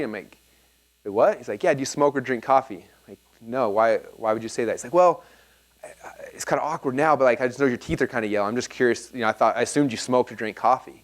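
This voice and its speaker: A man's voice: mid-range voice, fast talker. A man in his thirties speaking to a live audience at a business seminar, telling stories animatedly and acting out the dialogue. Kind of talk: storytelling seminar talk. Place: event hall with a live audience.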